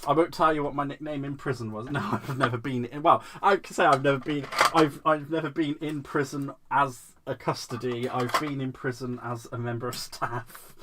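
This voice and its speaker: A man's voice: mid-range voice, steady tone, moderate pace, noisy background. A man hosting a live crafting demo. He is giggly and playful, mocks himself and answers viewers' comments as he works. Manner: giggly, playful, self-mocking, reacts to chat comments. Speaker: crafting livestream host.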